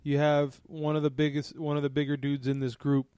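A man's voice: fairly high pitch, flat delivery, a little fast, warm tone, smooth, dry recording. Jokey man playing a tabletop game. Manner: jokey, laughs often, asks many questions. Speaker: player. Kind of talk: casual tabletop game play.

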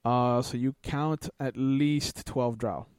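A man's voice: mid-range voice, steady tone, slow pace, a little mellow, smooth, no room sound, clean studio sound. A man running a tabletop game as game master, narrating scenes in a loose, descriptive way with lots of "like" and "kinda".

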